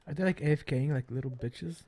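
A man commentating his own online shooter match, excitable and laughing, bantering with teammates as he plays. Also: a little high, quick pace. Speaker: gaming YouTuber. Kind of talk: casual gameplay commentary.

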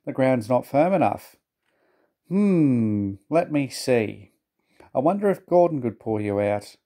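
A portly railway boss speaks slowly and sternly, as a man reading aloud plays him. The storybook voice is mellow and dark. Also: medium pitch, sing-song.

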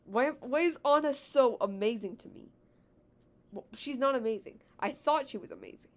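A woman's voice: sits high, normal speed. A teenage girl reading her own fan story aloud, giggling and commenting on her own reading. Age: teens.

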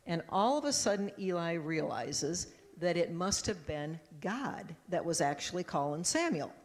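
A woman pastor giving a children's message in church, telling a story lively and acting out the voices, with a handheld microphone. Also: lowish voice, measured pace, few pauses. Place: church sanctuary. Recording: long church reverb.

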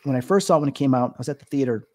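Talking very fast in a medium-pitched, slightly mellow voice, this fiftysomething psychic medium is being interviewed on a podcast. His storytelling is heartfelt and emotional, packed with fillers.

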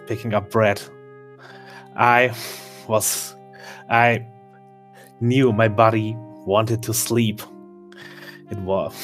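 A man narrating his character in first person as a player in a story game, halting and often restarting sentences. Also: lowish voice.

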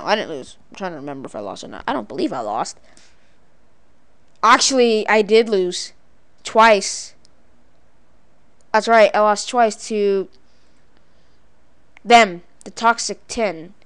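Lively playful woman playing a game. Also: medium pitch. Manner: playful, excitable, yelling cartoonish battle cries. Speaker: gaming video creator. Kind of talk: let's play commentary.

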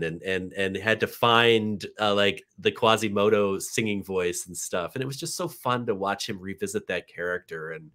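A man with a somewhat low voice talks as an interview guest, relaxed and earnest, often repeating phrases to stress them. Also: normal speed, hardly any pauses. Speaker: guest, animation director. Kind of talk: casual interview.

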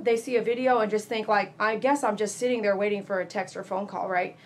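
A woman dog groomer chats casually with her live-stream viewers while working in her grooming salon. She speaks fast in a mid-range voice with hardly any pauses, staying chatty and animated and loudly mimicking callers.

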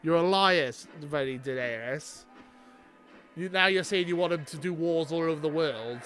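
A man doing live reaction commentary, talking back at the screen and swinging between low mutters and excited shouts. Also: normal speed. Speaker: reaction video host.

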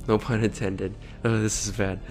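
A man's voice: lowish voice, flat delivery, moderate pace, a little mellow, soft background music. A man reading chat messages aloud and adding exasperated, sarcastic comments between them. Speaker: online predator-baiting vlogger.

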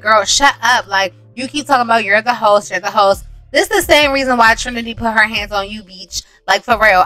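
Sassy woman with a bright, forceful voice. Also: medium pitch. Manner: sassy, dramatic, heavy slang. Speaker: game video narrator. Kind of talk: casual gameplay commentary.

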